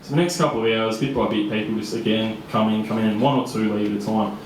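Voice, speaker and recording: Speaking fast in a lowish, steady voice, a twenty-something man with an Australian accent shares a personal story on stage in a casual, chatty manner, laughing often and using plenty of fillers. Soft background music plays, and the room is echoey.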